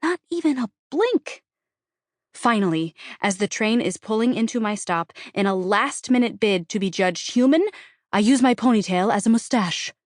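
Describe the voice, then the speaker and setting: A woman's voice: fairly high pitch, animated, moderate pace, no room sound, clean studio sound. A woman narrating a novel in the first person, with a wry, conversational, self-deprecating delivery. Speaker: audiobook narrator.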